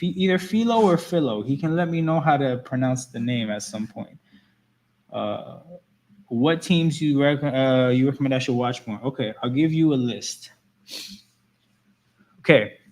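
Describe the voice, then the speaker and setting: Chatty man hosting a livestream. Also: medium pitch. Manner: loose, chatty, reads and answers chat. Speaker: livestream host. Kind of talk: casual livestream chat.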